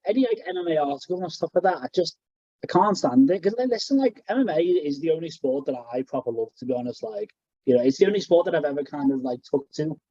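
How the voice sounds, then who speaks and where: A man's voice: on the high side, expressive, fast talker, mellow, no echo, dull audio. A young man co-hosting a podcast, chatting casually and rambling with restarts. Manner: rambling, full of fillers and restarts. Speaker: podcast co-host. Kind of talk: casual chat.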